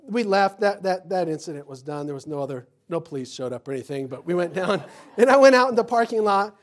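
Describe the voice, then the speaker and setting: A middle-aged male pastor telling folksy personal stories in a sermon, acting out the voices of the people in them. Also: high-pitched. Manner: folksy storytelling, acts out quotes.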